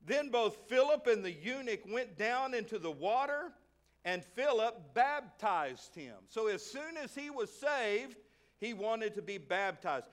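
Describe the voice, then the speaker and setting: Emphatic high-voiced pastor. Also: male voice, very animated, a little slow. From Arkansas. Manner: emphatic preaching with repetition, swings from loud to quiet. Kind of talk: sermon.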